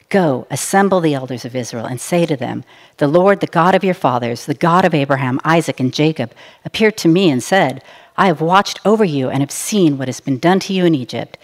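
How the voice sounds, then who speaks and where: Woman reading scripture aloud. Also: deep voice. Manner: steady, measured reading aloud. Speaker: scripture reader. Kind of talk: Bible reading.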